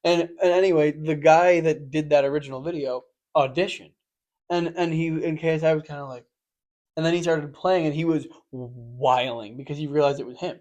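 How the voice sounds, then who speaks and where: A young man co-hosting a podcast in casual chat, rambling and animated, acting out quotes in loud voices. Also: on the high side, brisk. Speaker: podcast co-host.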